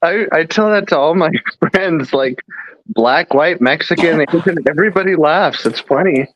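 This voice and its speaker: A man's voice: a little high, normal speed, fairly bright tone. A man in a casual podcast chat, joking in a blunt, irreverent way. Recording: dull, muffled audio.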